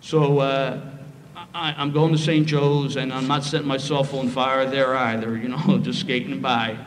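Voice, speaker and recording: A middle-aged man with a Philadelphia accent, telling a lively, humorous story of his past at a recovery meeting. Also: medium pitch, unhurried. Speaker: speaker sharing his story. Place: meeting hall. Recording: roomy hall, faint noise.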